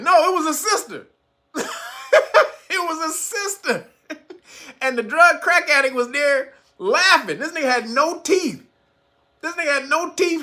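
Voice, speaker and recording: A woman with a bright, sharp voice chats casually to her audience. She speaks loosely and frankly, with plenty of slang and profanity. The delivery is informal, like an unscripted vlog. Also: sits high. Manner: loose, chatty, profane storytelling addressed to viewers. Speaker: commentary vlogger. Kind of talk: casual commentary.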